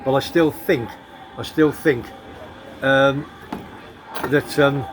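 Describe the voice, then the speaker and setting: A man's voice: medium pitch, fairly even intonation, takes it slowly, noisy background. A man hosting a casual football chat show, talking in a chatty, rambling way with restarts. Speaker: host. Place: home in Tenerife.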